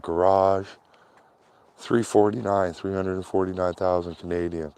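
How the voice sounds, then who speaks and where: Low-voiced man chatting on a walk. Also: little pitch movement, measured pace, a little mellow, smooth, no echo. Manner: rambling, chatty, talks to his viewers. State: walking, warm and sweating. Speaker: vlogger. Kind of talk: casual chat while walking. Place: outdoors on a quiet small-town street.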